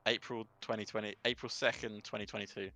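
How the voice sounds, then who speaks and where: A man commentating a sim race, doing brisk play-by-play calling. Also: lowish voice, flat delivery, bright, forceful tone, soft background music. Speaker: sim racing lead commentator.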